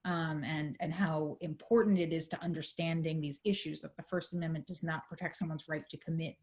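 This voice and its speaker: A woman on a video call explaining a legal case in a panel talk, measured, with many fillers, her voice going hoarse. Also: low voice, fairly even intonation, a little mellow. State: losing her voice. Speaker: legal advocate in a panel discussion.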